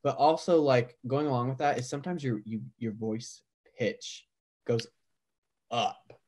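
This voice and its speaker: A man's voice: medium pitch, unhurried, background noise. A young man co-hosting a podcast in casual chat, easygoing, laughing along and leaning on fillers. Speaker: podcast co-host.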